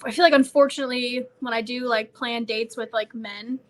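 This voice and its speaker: Young woman co-host, bright edgy tone, a little high, gushy casual chat. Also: fairly quick. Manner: gushy, animated storyteller, heavy "like" and "literally". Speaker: podcast co-host.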